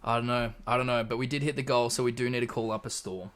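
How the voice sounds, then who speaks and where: A man's voice: mid-range voice, little pitch movement, quick pace, a bit bright. An Australian man hosting a livestream in casual chat, laid-back and swearing freely as he reads out chat messages. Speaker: livestream host.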